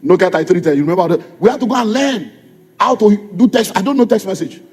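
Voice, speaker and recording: Nigerian man, middle-aged pastor, sermon, high voice, husky tone, call-and-response questions. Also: lively intonation, fast talker, a little mellow, soft background music. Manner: preaching with repeated rhetorical questions, call and response. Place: church. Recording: long reverb of a church hall.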